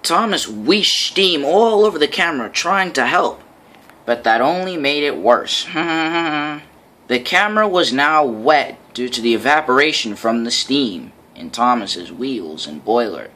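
Man narrating a train story, lively pitch. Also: a little slow. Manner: laughs between lines.

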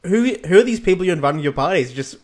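Interviewer: man, slightly high voice, relaxed, laughs along with guest. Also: very fast. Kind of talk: casual interview questions.

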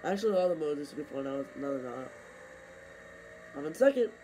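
A young man with a high-pitched, strained voice talks over a racing game he is playing. He grumbles at other players and bursts into excited yelling. A faint hiss sits under the recording. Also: brisk. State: losing his voice. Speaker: gaming streamer. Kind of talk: live gameplay commentary.

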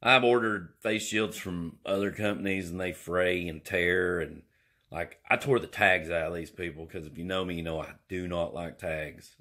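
A man's voice: low-pitched, steady tone, moderate pace, sharp tone. A man, rambling and joking his way through an indoor vlog. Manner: rambling, jokey, drawling. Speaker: vlogger.

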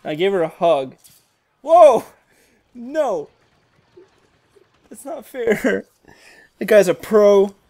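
A gamer giving jokey, excitable commentary over a shooter game, yelling at other players with sudden leaps in pitch. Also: unhurried, gravelly. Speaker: gaming commentator. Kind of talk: gameplay commentary.

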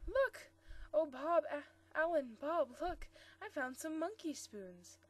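Woman voicing an eager young bride-to-be, quick to exclaim, high bright read. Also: lively intonation. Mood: excited.

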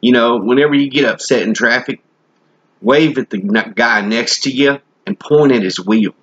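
A man's voice: medium pitch, moderate pace, fairly bright tone, breathy edge, dull audio. A man preaching a comic sermon in a folksy, joking, rambling way.

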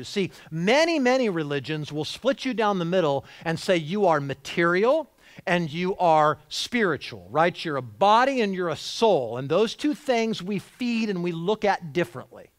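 A man preaching a sermon as a church pastor, animated, with frequent restarts and acted-out quotes. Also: sits high. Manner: animated, voices quotes with rising emphasis and repeated restarts. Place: church sanctuary.

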